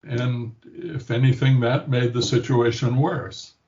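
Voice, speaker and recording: Older guy telling a family story real slow, muffled lo-fi sound. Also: medium pitch, steady tone, darkish tone. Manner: slow, reflective, acts out quoted voices. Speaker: interview guest, patient. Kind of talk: personal storytelling in an interview.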